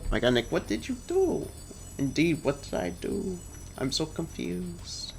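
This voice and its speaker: A man's voice: on the high side, very animated, unhurried, vocal fry, slight background noise. A young man streaming a game, chatting casually and rambling as he answers chat. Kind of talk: casual let's-play commentary.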